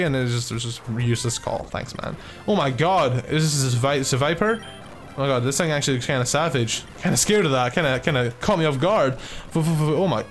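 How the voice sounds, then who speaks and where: Excitable, swearing young gamer guy. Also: medium pitch, fast, soft background music. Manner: excitable, swears casually, lots of filler "like". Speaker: let's play gamer. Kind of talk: casual gaming commentary.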